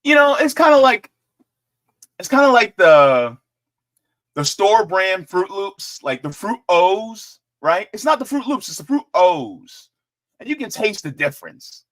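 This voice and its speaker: Speaking straight to his audience, another casual political commentator jokes around with lots of animation. He has a high-sitting voice and an unhurried pace.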